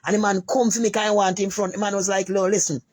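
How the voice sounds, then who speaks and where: A woman's voice: mid-range voice, steady tone, fast talker, darkish tone, breathy edge. A middle-aged woman with a Jamaican accent, telling her life story in casual patois and repeating phrases for emphasis.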